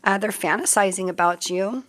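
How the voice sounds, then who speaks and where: A woman's voice: mid-range voice, moderate pace. A middle-aged woman hosting a casual live-stream tarot reading, chatty and easily sidetracked, often breaking into giggles.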